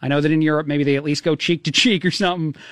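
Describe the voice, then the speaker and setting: A man hosting a talk radio show, musing out loud with many fillers and restarts. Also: a little high, steady tone, rapid-fire, no room sound. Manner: rambling, full of uh and restarts. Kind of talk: casual talk radio commentary.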